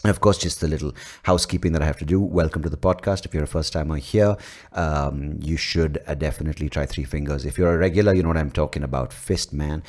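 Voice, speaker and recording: A man's voice: extremely low pitch, steady tone, fast talker, a little mellow. A man with an Indian accent hosting a solo comedy podcast, rambling and crude and poking fun at himself, on a mic with a pop filter. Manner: rambling, crude, self-mocking. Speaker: podcast host. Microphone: studio mic with pop filter.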